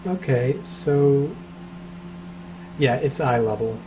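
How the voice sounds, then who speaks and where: An easygoing man running a tabletop game, working through rulings out loud. His voice sits at an ordinary pitch. Steady background noise runs under the recording. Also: slow. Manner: easygoing, thinks aloud while ruling. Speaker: game master.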